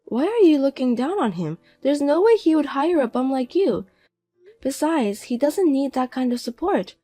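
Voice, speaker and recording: A middle-aged woman voicing a calm, proud mother who speaks in a cool, dryly mocking way, in a narrated audio drama. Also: high-pitched, moderate pace, soft background music.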